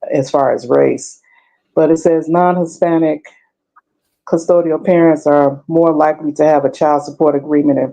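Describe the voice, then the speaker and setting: A woman's voice: low-pitched, vocal fry, dark tone, poor audio. A woman guest in a casual discussion, explaining her research in a conversational way.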